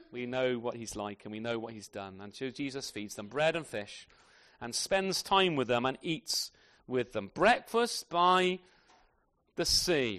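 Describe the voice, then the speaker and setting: A man preaching a sermon to a congregation with children, asking tag questions and swinging from loud emphasis to soft, quiet phrases. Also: mid-range voice. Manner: animated, asks tag questions often.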